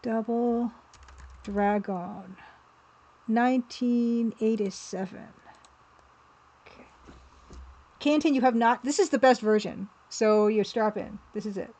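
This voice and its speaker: A woman's voice: on the high side, slow pace, pauses often, dark tone. A woman livestreaming as an artist, chatting casually and playfully, with easy laughter. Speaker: livestreaming artist and game developer.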